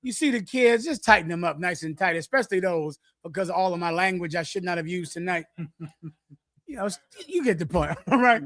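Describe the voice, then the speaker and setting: A man preaching through scripture verse by verse, repeating his points forcefully and acting out an addict's pleading. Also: high voice, lively intonation, fairly quick, dry recording, studio quality. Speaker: teacher leading a scripture breakdown.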